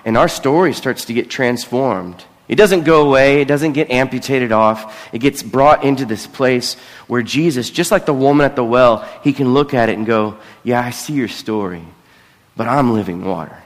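A middle-aged man delivers a conversational sermon from the front of a church, his voice sitting at an ordinary middle pitch. He is earnest but quick to poke fun at himself, and his words ring out with a long reverb that hangs in the big room. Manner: earnest, with self-deprecating asides. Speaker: pastor. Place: church sanctuary. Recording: long reverb of a large hall.

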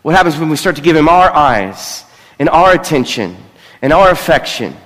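A man's voice: on the high side, big pitch swings, normal speed, fairly bright tone. A middle-aged man preaching a conversational sermon, earnest and often breaking into self-deprecating asides. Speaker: pastor. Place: church sanctuary. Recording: long reverb of a large hall.

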